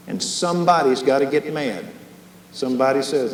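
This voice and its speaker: A man teaching a Bible study as a sermon, impassioned, swinging from hushed tones to raised, emphatic lines. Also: medium pitch, animated, moderate pace. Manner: leads a closing prayer. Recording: echoey hall, faint hum, 1990s.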